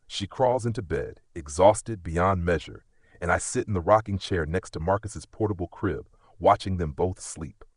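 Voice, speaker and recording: A man's voice: low-pitched, normal speed, husky, no echo, studio quality. A man narrating a dramatic first-person story with an intense, emotional delivery.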